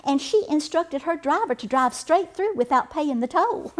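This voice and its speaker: A woman's voice: high voice, animated, normal speed. A woman playing a gossipy 1880s wife. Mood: chatty. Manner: gossipy, laughing, folksy. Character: chatty 1880s river-town wife and mother. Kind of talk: period character monologue.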